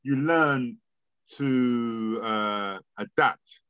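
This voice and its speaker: A man's voice: medium pitch, very slow, a bit bright, smooth, no room sound, muffled recording. A man, a music promoter telling stories in a casual podcast interview, rambling and repeating words, swearing freely.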